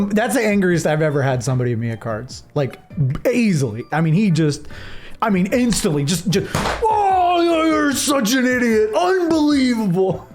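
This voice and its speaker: A man's voice: on the high side, darkish tone. A young man streaming a game, telling a rambling story with many restarts and fillers. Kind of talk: casual storytelling while gaming.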